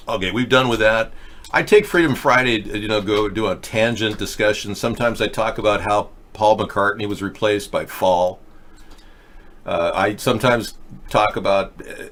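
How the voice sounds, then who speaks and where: Low-ish guy hosting a political chat show, rambly, lots of uhs. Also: normal speed, fairly bright tone. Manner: chatty, thinks aloud with many fillers. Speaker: host of a political talk show. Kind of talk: rambling casual commentary. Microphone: webcam or desk mic for a video chat.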